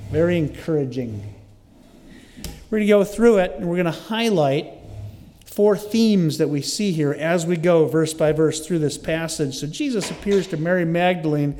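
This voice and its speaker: A man's voice: a little high, normal speed, a little mellow, in a large hall. A man preaching a sermon as a pastor, reading scripture and explaining it verse by verse in an earnest way. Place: church sanctuary.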